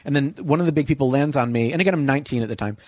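A middle-aged man telling a long, rambling story in casual conversation, full of likes and you-knows, jumping into high mocking voices to quote people. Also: racing, darkish tone, no room sound, studio quality.

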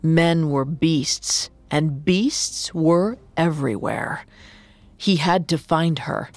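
A woman narrating a myth in measured, dramatic scripted storytelling. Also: deep voice, darkish tone, dry recording.

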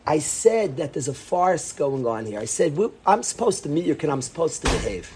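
Animated young man telling a story. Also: fairly high pitch, normal speed, background noise. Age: 20s. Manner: animated, acts out whispers and quotes. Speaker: yeshiva educator. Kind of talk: storytelling talk to students.

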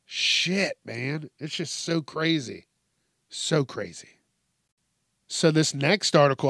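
A man's voice: fairly high pitch, a bit bright, no echo, studio quality. A man hosting a podcast who reads out news stories and reacts with outraged, profanity-heavy commentary and emphatic repetition.

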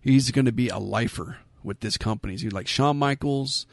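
A man co-hosting a casual podcast, relaxed and jokey with quick asides. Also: mid-range voice, gravelly, no room sound. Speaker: wrestling podcast co-host.

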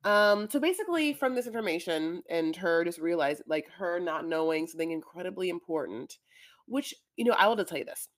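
A woman's voice: lowish voice, lively intonation, brisk. Rambling, foul-mouthed young woman podcaster. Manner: rambling, profane, full of "like" fillers. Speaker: podcast co-host. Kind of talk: casual recap chat.

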